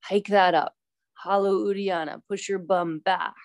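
A woman teaching a yoga class, calmly cueing poses and breaths with chatty asides. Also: mid-range voice, measured pace, no echo. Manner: calm, instructive, chatty asides.

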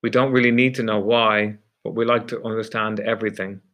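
A man's voice: lowish voice, fairly even intonation, a little fast, a bit bright, close to an everyday voice. A man playing a tired, short-tempered police officer in a storybook reading. He is curt and insistent, pushing for a confession in plain, blunt phrases. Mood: demanding.

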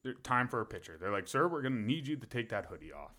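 A man with an everyday mid-range voice tells a story on a podcast. His pitch swings widely as he talks. He keeps it casual and profane and laughs as he goes. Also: very animated, fast, bright, forceful tone. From Pennsylvania. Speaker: podcast co-host.

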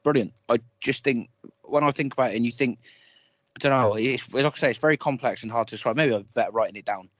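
A man's voice: medium pitch, quick pace, no echo, highs cut off. Rambling opinionated man on a podcast. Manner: rambling, self-correcting, animated opinions. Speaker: podcast co-host. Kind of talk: casual film podcast chat.

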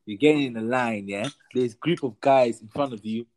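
A young man, telling a story in an animated, slang-heavy podcast chat. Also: medium pitch, brisk, slight background noise. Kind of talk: casual chat.

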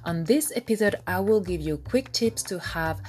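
A young woman from France with a French accent, coaching English pronunciation on her podcast in an upbeat way and repeating example words slowly. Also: on the low side, a little mellow.

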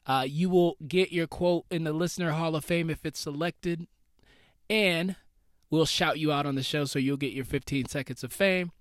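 A man's voice: on the high side, normal speed, no echo, clean studio sound. Slangy man hosting a motivational podcast. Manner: casual slangy, calls listeners baby. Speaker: podcast host.

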